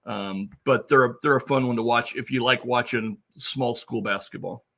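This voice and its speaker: A man's voice: medium pitch, steady tone, normal speed, creaky, bright, forceful tone. A man co-hosting a podcast, chatting casually and enthusiastically. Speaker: podcast host.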